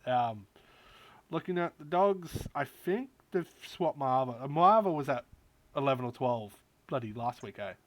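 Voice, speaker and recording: A man hosts a loose podcast chat with mates, with a voice at an ordinary middle pitch. He trips over restarts, teases the others and breaks into laughter between points. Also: lively intonation, a little slow, no room sound. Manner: banter-filled, stammering restarts, frequent laughter. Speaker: podcast host. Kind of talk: casual chat.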